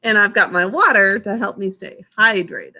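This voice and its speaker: A woman teacher leading an online spelling lesson, sounding out words slowly and clearly, syllable by syllable, on a video call. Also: medium pitch, pushed and bright.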